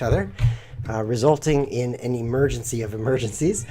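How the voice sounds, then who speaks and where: A man's voice: mid-range voice, a little fast, music in the background. A man streaming a chess game, thinking aloud in a playful, rambling way. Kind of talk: live chess commentary.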